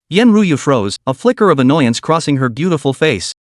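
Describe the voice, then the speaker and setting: Male narrator, web-novel reading, animated delivery, dry close recording. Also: fairly high pitch, moderate pace, hardly any pauses, no echo.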